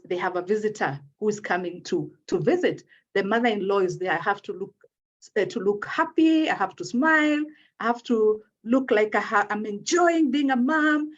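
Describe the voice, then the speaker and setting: Higher-voiced woman explaining patiently. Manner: checks in often with "okay?" and repeats words as she thinks. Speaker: guest speaking on postpartum depression. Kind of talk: explanatory interview talk. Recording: dull lo-fi audio.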